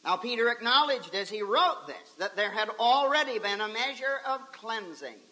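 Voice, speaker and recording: Very high-voiced fervent preacher. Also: male voice, animated, moderate pace, bright, forceful tone, rough recording. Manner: fervent, exclaiming. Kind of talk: sermon at a camp meeting. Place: camp meeting service.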